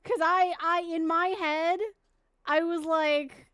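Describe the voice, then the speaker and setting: High-voiced woman streamer chatting casually. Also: fairly even intonation, slow, dry recording. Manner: rambling, restarting sentences; softens into baby talk with her pet. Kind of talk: casual chat to stream viewers.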